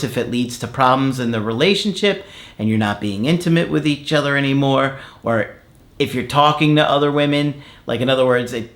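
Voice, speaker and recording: A man's voice: mid-range voice, fairly bright tone. A man working as a relationship coach, frankly and emphatically giving advice in answer to viewer comments.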